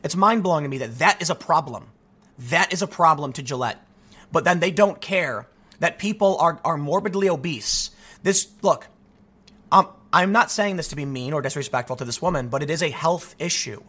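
A young adult man from the United States hosts his own channel with a ranting solo commentary, restless and animated, restarting sentences often. The voice is fairly high and husky, at a moderate pace.

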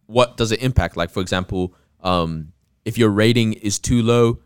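A man's voice: on the low side, smooth. A young man co-hosting a casual podcast chat, rambling with lots of filler words and slang. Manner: rapid, rambling, lots of "like" and "bro". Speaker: podcast co-host.

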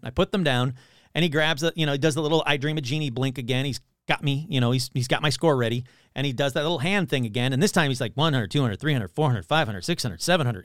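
A man's voice: medium pitch, fairly bright tone, no echo, clean studio sound. A man telling a comic story in a casual, rambling way, full of "like" and self-corrections.

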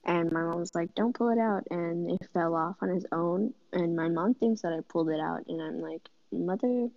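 Giggly teen girl with a creaky voice. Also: lowish voice, fairly even intonation, moderate pace, muffled recording. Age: teens. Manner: giggly, rambling, acts out her mom in quotes. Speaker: podcast co-host. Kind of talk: casual chat.

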